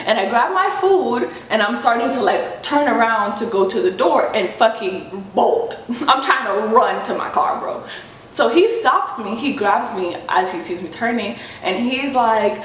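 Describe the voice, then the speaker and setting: A young woman tells a storytime vlog in a fairly high voice, animated and swearing as she acts out the other people. The room is echoey, with a faint hiss underneath. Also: moderate pace. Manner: animated, swearing, acting out voices in her retelling. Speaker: vlogger.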